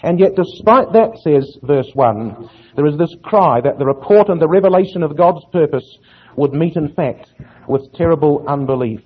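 Earnest preacher, high husky voice, sermon, tinny lo-fi recording. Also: male voice, expressive, normal speed. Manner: earnest, asks rhetorical questions. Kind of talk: sermon, Bible exposition. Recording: tinny phone-like audio.

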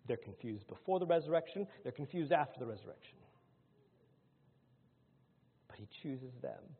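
Guy preaching a sermon, lively pitch, goes big then quiet, sounds like a phone recording in a big hall. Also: normal speed, gravelly, slightly rough, phone-quality sound. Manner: dramatic swings from loud to hushed.

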